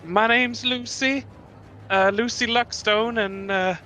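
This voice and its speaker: A man voicing a young, earnest female inventor who speaks in a hesitant, halting way. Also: very high voice, steady tone, sharp tone, soft background music, pitched above the performer's own voice, full character voice. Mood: nervous.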